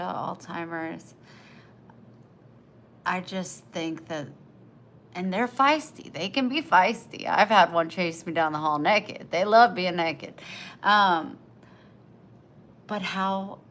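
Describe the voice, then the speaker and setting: A woman's voice: lowish voice, fairly bright tone, slight background noise, poor audio. A woman livestreaming, chatting with her viewers in a tender, emotional, rambling way. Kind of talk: casual live chat.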